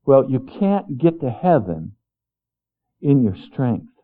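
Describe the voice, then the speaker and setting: Male pastor, unhurried storytelling sermon delivery, lo-fi narrow recording. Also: medium pitch, big pitch swings. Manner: slow, storytelling preacher voicing God's words gently. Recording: tinny phone-like lo-fi recording.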